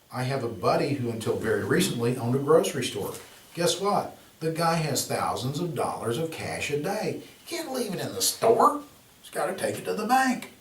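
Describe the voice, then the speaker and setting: A man teaching an exam prep class, talking casually with fillers and rhetorical questions. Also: mid-range voice. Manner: conversational, rambling, with many fillers and rhetorical questions. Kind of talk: classroom lecture. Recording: roomy echo, voice from a distance.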